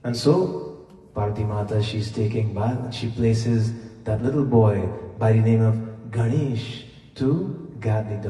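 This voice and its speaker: A man preaching, retelling a scripture story slowly and deliberately, acting out the characters' lines. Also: medium pitch, mellow. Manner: retells scripture with acted dialogue, slow and deliberate. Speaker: Hindu preacher. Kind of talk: devotional storytelling sermon. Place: temple hall during a festival. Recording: echoey hall, voice from far off.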